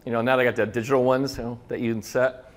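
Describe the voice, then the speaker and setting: A middle-aged restaurant consultant tells kitchen stories to an audience in a loose, casual way, swearing freely and acting out the voices of cooks and chefs. His voice sits at a medium pitch with a level tone, and he talks quickly.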